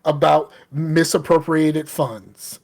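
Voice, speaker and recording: A podcast host in casual chat, telling family stories in an animated way, swearing freely. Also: medium pitch, slow, gravelly. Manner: animated, swears, acts out quotes. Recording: live stream podcast audio.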